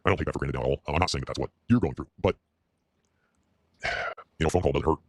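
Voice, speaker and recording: A man chatting on a livestream in a rambling, halting way, stammering and repeating his words. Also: a bass voice, husky, dry recording, studio quality. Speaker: streamer.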